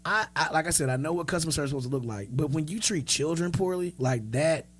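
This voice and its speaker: A man in his thirties tells stories on a podcast in a lively, unfiltered way, voicing the people he quotes as he goes. His voice sits a little high for a man. He speaks casually, swearing freely. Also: fast, slightly rough. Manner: animated storyteller who acts out quoted dialogue; frank and profane. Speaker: podcast co-host. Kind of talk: casual storytelling chat.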